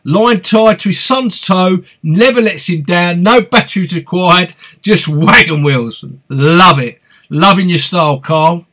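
A man's voice: sits high, a little slow, sharp tone. A man with an East London accent hosting a live fishing Q&A stream, chatty and upbeat, reading out viewer comments and greeting people by name. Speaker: fishing channel host.

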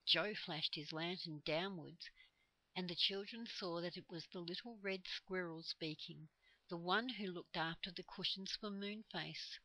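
An older woman reading a children's storybook aloud as a gentle, expressive storyteller. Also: fairly low pitch, a little slow, no echo, poor audio.

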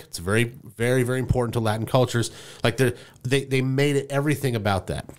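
A man co-hosts a movie podcast, chatting casually and animatedly, acting out quoted lines and laughing often. He has a medium-pitched voice and talks quickly with hardly any pauses.

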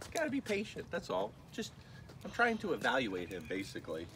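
A male dog trainer talking casually on camera while playing with a puppy, breaking into high, excited praise between calm asides. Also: a little fast. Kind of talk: casual training vlog talk. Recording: distant voice with clear background noise.

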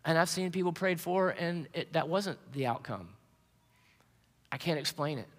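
A man's voice: a little high, animated, moderate pace. A man preaching a sermon as pastor, telling stories earnestly with frequent restarts. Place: church sanctuary. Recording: long hall reverb.

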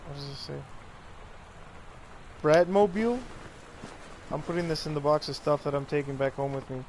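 Excitable, swearing young gamer guy. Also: fairly high pitch, normal speed, background noise. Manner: excitable, profane, reads notes aloud. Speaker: gaming YouTuber. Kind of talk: casual let's-play commentary.

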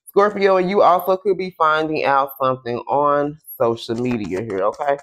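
Man, tarot reader, casual, fairly high voice, faint background hiss, slow drawn-out questions, swears, says "okay?" a lot. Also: a bit bright. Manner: chatty, tags lines with "okay?" and "y'all"; slow, drawn-out repeated questions to Spirit while shuffling. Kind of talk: casual tarot reading to camera.

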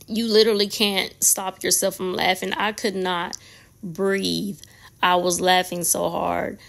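Hoarse, gravelly woman chatting slowly. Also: mid-range voice. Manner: chatty, talks straight to viewers with frequent "y'all". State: hoarse, voice nearly gone. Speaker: nail channel host. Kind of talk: casual chat to viewers.

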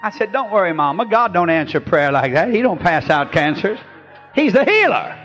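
A man, a pastor preaching a revival sermon to a congregation in church, telling folksy stories and shouting drawn-out refrains. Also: high-pitched, big pitch swings, soft background music.

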